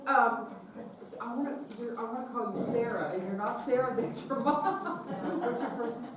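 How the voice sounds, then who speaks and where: A woman leading a children's message in church, gently asking the children questions. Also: fairly high pitch, moderate pace. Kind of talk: children's sermon. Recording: echoey room, far from mic, noisy.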